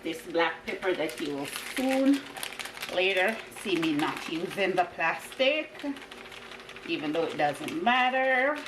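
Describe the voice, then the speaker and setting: A woman's voice: fairly low pitch, very animated, slow, background noise. A woman vlogging from her home kitchen, chatting cheerfully to her viewers as she walks through a cooking demonstration. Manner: chatty and upbeat, talks to viewers while cooking. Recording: echoey kitchen with clattering pots and dishes.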